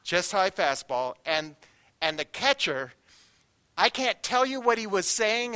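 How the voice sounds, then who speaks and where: A middle-aged man delivers a sermon in a church, leaning on homespun anecdotes. His voice sits high and sounds bright and forward. He slips into other people's voices when retelling what they said. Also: a little slow, clean tone. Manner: folksy anecdotes, animated quoted voices. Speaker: guest preacher. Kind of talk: sermon with storytelling.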